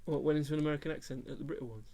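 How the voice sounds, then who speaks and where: A man's voice: a little high, steady tone, racing, gravelly, dark tone. A man from England co-hosting a casual music podcast, chatty, laughing often and trailing off into restarts. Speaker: podcast co-host. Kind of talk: casual chat.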